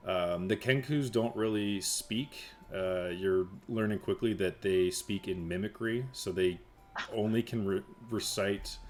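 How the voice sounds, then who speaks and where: A man narrating as game master of a tabletop game, rambling through scenes with many fillers. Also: low voice. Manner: rambling, filler-heavy storytelling.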